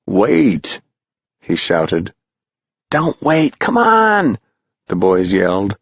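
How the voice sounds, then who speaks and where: A man reads a story aloud in a measured, rhythmic way. His voice is deep and his pace unhurried. The recording is dry and dull, with muted highs. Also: breathy edge, no echo. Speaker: audiobook narrator. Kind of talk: scripted story narration.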